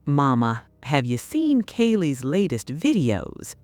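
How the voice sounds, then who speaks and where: A woman voicing a weary, uneasy grown son in a narrated story, with a heavy, quiet delivery. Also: low voice, sing-song, slow pace, no room sound, faint music behind, full character voice.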